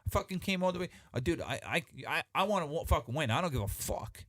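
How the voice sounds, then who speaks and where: A man telling a story as a podcast guest in casual chat, animated and profane, with many restarts. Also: a little high, quick pace, no echo, clean studio sound.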